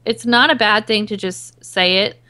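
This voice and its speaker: A woman on a gaming podcast panel, calmly explaining strategy in casual chat with plenty of fillers. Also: mid-range voice, normal speed.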